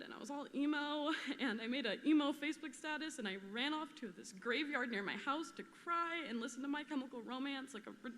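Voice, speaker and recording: A woman's voice: high voice, fairly bright tone. A young woman telling a memorial story casually, laughing often and filling with "like". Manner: laughing often, chatty with many fillers. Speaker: memorial speaker. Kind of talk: personal storytelling. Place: large theater. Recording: long reverb of a large hall.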